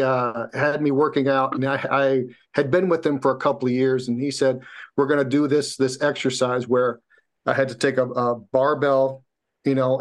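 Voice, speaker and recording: Man, podcast guest, casual storytelling, animated quotes, swears. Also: mid-range voice.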